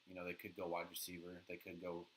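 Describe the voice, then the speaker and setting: Deep-voiced podcast man with faint hiss. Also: quick pace, low-quality recording. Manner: relaxed, steady, leads the segments. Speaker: podcast co-host. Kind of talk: casual sports chat.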